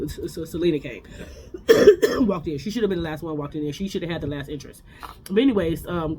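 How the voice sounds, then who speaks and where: Rambling recap host, mid pitch, super opinionated, faint noise behind. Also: darkish tone. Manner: rambling, opinionated, chatty with frequent restarts. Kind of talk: casual reality TV recap.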